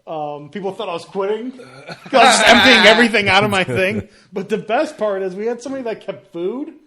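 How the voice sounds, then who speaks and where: A man in a casual podcast chat, relaxed and full of fillers. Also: high voice, brisk.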